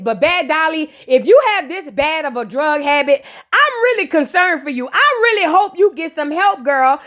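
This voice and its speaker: A woman's voice: very high voice, a bit bright. A woman giving a chatty, sassy recap of a reality show episode, full of slang and asides to her viewers. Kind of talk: casual gossip recap.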